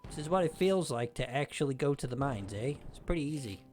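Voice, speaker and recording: A man's voice: fairly quick, soft background music. A man streaming a farming game, chatting casually and playfully taunting enemies. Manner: playful taunting, lively pitch swings.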